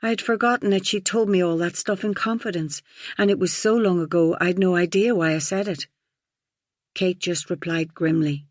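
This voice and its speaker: A woman narrating a first-person audiobook thriller in an even, reflective storytelling manner. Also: lowish voice, moderate pace, no echo, studio quality.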